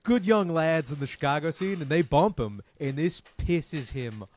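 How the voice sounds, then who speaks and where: A man, a comedian and podcast co-host, telling a profane story in lively casual chat. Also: fairly high pitch, moderate pace. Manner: animated, profane, acts out other people's lines.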